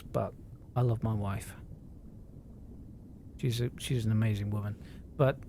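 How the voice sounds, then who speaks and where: A man's voice: medium pitch, mellow, a little hiss or hum. Earnest man rambling on a live stream. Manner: earnest, emotional, swears freely, halting restarts.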